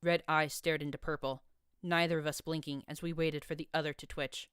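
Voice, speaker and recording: A woman narrates a first-person story in an even, steady storytelling manner. Her voice is low and smooth, clear in tone. It is recorded on a close mic with a dry, dead sound. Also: a little fast, dry recording. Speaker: audiobook narrator. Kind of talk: audiobook narration of fan fiction.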